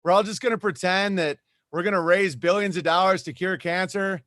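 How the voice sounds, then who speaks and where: A man's voice: sits high, fairly quick, a bit bright, dry recording, studio quality. A man who is a comedian, talking as a podcast guest and ranting in a rambling way with lots of asides. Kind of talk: animated podcast conversation.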